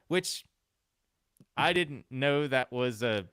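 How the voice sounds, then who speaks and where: A man's voice: mid-range voice, lively intonation, takes it slowly, pauses often, fairly bright tone, smooth, no echo. Guy cohosting a podcast, reads old news then rambles casually, voice bounces around a lot, dry close sound. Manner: reads old newspaper text, then chats loosely with laughs. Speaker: podcast co-host. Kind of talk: casual podcast chat and reading aloud.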